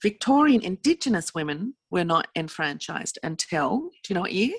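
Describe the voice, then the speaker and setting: A woman co-hosts a casual podcast and tells a history story with playful asides. Her voice rises and falls a lot as she talks. It carries a slightly husky edge. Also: on the low side, big pitch swings, normal speed. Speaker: podcast co-host. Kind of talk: casual chat.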